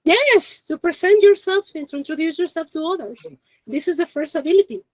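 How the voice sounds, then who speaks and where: A woman's voice: very high-pitched, lively intonation, a little fast, dry recording, poor audio. A woman teaching a beginner Japanese class, explaining step by step in a chatty way and laughing often. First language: Spanish. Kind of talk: classroom lesson.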